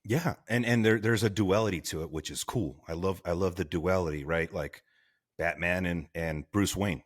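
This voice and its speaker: A man with a very low, deep voice tells a story as a podcast guest. He talks casually and with animation, laughing along and acting out the voices of the people in his story. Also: normal speed. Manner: animated, laughing, acts out quotes. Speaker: guest, firefighter.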